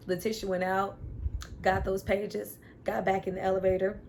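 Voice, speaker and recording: A woman's voice: medium pitch, normal speed, a little hiss or hum. Chatty woman recapping an episode. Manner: animated, chatty, uses filler "you know". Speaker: TV reviewer.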